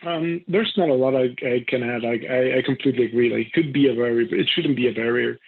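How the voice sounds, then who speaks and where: A man speaking as a guest on a video chat, keeping it easygoing and brief. His voice is gravelly and husky, and it comes through a thin, phone-like line. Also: mid-range voice, fast. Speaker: podcaster guest. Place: Toronto.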